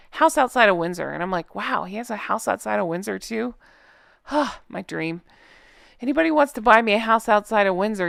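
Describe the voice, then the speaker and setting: A woman's voice: medium pitch, fairly bright tone, no room sound, clean studio sound. A woman vlogger giving casual, sarcastic reaction commentary on a book, blunt and swearing, with laughing asides.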